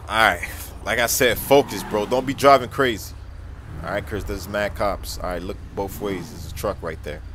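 A man playing a nervous dad in a game role-play skit who stammers and yells in panic. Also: lowish voice, moderate pace, noisy background.

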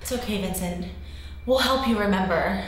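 A woman's voice: medium pitch, moderate pace, very echoey, slight background noise. A woman in a scripted comedy sketch, soothing and coaxing. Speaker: friend at an intervention.

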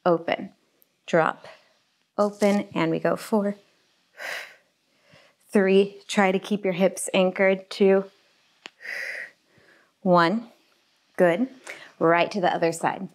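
A woman's voice: mid-range voice, fairly even intonation, slow pace, pauses often. A young woman teaching a home pilates and barre class on a lapel mic, upbeat and encouraging as she counts reps. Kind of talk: cueing a home workout class. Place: home workout space. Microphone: lapel mic pack.

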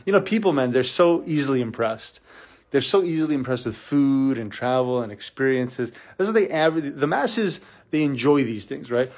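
A middle-aged man, a business coach, talking in a casual live vlog, energetic and preachy, repeating himself and calling the listener "dude". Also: medium pitch, moderate pace.

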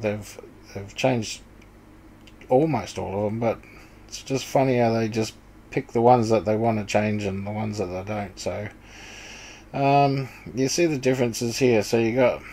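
A man's voice: medium pitch, mellow, poor audio. A man casually explaining Bible passages over a screen share, hesitant and full of ums and restarts. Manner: plain, conversational explaining. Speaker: Bible study video maker.

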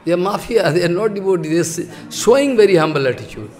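A man's voice: high voice, lively intonation, fast talker, a little mellow, faint music behind. A man giving a sermon as a spiritual teacher, emphatic and scolding. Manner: scolding, emphatic, mixes laughter and mock dialogue.

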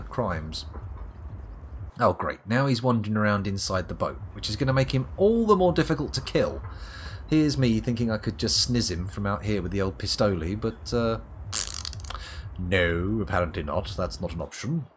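A southern English man from near London streams a game, his low voice carrying a slight hiss or hum. He offers sardonic, sweary live commentary, muttering to himself as he plays.

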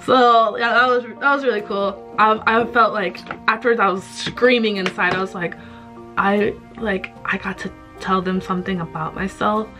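A woman vlogger casually telling a story to the camera, chatty and animated, laughing often. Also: mid-range voice, moderate pace, soft background music. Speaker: YouTuber vlogger.

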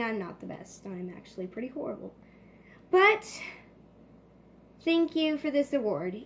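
A woman's voice: sits high, a little hiss or hum. A woman voicing a toy pet award winner who jokes and then puts herself down. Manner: joking, then self-deprecating.

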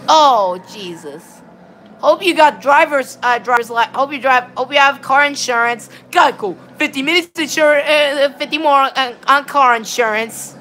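A woman giving excitable, rambling live commentary on her gameplay while chatting with viewers. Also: high-pitched, normal speed, a little hiss or hum. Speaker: game streamer.

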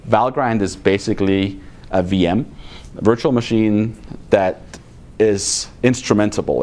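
Low-pitched man at a conference talk, blunt and exasperated, with sarcastic asides. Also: darkish tone. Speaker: conference speaker. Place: conference room.

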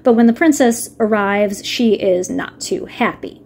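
A woman's voice: mid-range voice, unhurried, darkish tone, slight background noise. A woman casually retelling a book, reading passages aloud and adding wry asides. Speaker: video reviewer. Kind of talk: casual book-summary narration.

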